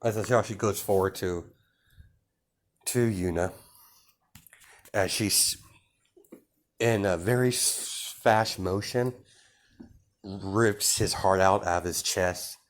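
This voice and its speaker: Slow, low-voiced man telling a story. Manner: hesitant, many fillers and restarts. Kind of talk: improvised fan-fiction narration.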